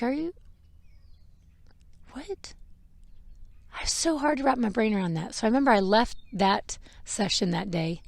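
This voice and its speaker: A woman's voice: a little high, creaky, no echo. A mother hosting a podcast, telling a personal story in a frank, emotional way with laughs and the odd swear. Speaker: podcast host.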